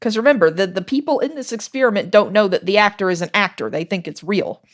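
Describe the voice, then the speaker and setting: A woman's voice: mid-range voice, fast talker. A woman hosting a podcast, explaining things in casual chat and laughing often. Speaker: podcast host.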